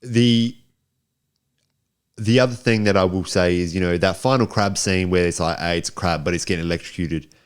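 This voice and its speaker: Deep-voiced South Australian man chatting. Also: moderate pace, smooth. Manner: rambling, laughs often. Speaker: podcast co-host. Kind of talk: casual chat.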